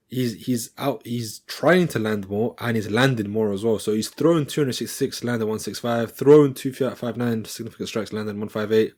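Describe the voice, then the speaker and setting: A man's voice: mid-range voice, a little mellow, breathy edge. A young man giving loose, jokey fight commentary at home, rambling and slangy. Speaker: fight recap vlogger.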